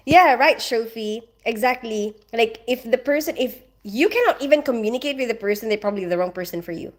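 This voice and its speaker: A woman hosting a casual livestream, chatting with viewers and giving reassuring advice, full of "you know" and "like". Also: on the high side. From Philippines. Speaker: livestream host.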